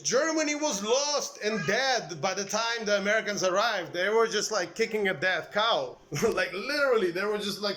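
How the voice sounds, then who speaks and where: A man's voice: high-pitched, fairly bright tone. A man ranting casually to the camera like a political commentator, cursing and restarting his sentences with many fillers. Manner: profane, heated, trailing restarts and fillers. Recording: echoey room with faint background noise.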